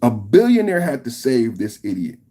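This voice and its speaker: Man, podcast host, husky voice, lively pitch, emphatic slangy rant. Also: moderate pace. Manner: animated, emphatic, slangy, repetitive. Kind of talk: political reaction rant.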